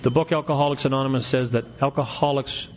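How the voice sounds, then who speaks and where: A fast-talking middle-aged AA speaker with a mid-range, fairly even voice mocks himself wryly while relating his recovery to the meeting. The recording, made in a meeting hall with an audience, is dull lo-fi tape with a faint hiss.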